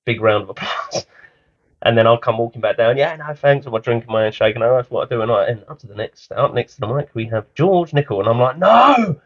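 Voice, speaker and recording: A man's voice: mid-range voice, fast talker. A man, co-hosting a podcast and telling self-mocking stories in casual chat. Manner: storytelling, self-mocking, laughs often. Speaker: podcast co-host. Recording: dull lo-fi podcast audio.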